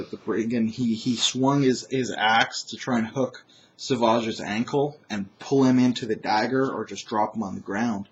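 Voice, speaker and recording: A man recaps a tabletop game session in a loose, rambling way, with plenty of fillers and restarts and an occasional chuckle. His voice sits in a mid pitch. The recording is dull and lo-fi. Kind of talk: casual game recap narration.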